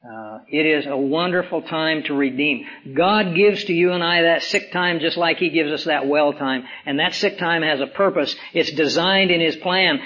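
A man preaching a sermon as pastor, hoarse from swollen tonsils, with emphatic rises and slow, dramatic drops. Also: on the high side. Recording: dull lo-fi recording.

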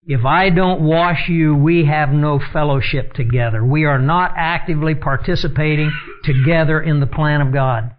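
A man's voice: a little high, steady tone, moderate pace. A man teaching a sermon in an earnest tone, reading scripture aloud and explaining it. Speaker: Bible teacher. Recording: dull lo-fi recording.

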